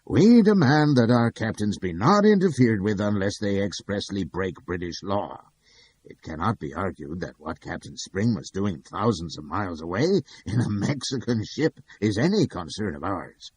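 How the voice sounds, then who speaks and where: A man voicing a formal, measured male defense counsel objecting in court, with a husky voice. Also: lowish voice, expressive, a little mellow, slight background noise, natural voice. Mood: formal protest.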